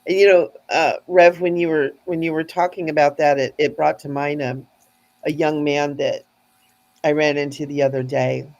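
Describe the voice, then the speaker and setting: A woman's voice: low-pitched, fairly even intonation, moderate pace, darkish tone, poor audio. A woman telling a spiritual story in an earnest, heartfelt way, often restarting her sentences.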